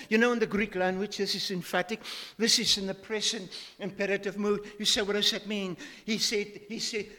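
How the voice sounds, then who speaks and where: A man's voice: high voice, level tone, fairly quick, sharp tone, big-room sound. An older man preaching a sermon in a church, emphatic and full of rhetorical questions as he quotes scripture. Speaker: pastor.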